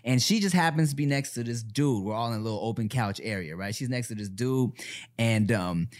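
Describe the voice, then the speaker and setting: A man co-hosting a relaxed podcast with friends. He tells stories in an animated way, acting out what others said and breaking into laughter. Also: mid-range voice, a little fast. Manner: animated storyteller, acts out quotes, laughs often. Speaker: podcast co-host. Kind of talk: casual chat.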